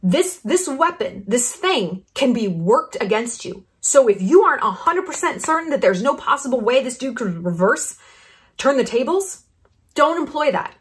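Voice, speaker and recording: A woman's voice: high voice, big pitch swings. A woman in her thirties delivering a blunt, sarcastic opinion monologue as a vlogger. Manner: brash, blunt and sarcastic, with quick asides. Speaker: YouTube commentator.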